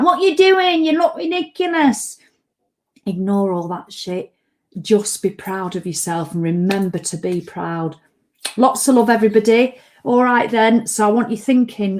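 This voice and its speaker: A woman speaks straight to her followers on a live stream, cheering them on with plain, heartfelt encouragement. Her voice sits mellow and dark in tone, and she drops the odd casual swear word as she motivates. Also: mid-range voice. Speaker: fitness coach hosting a live stream.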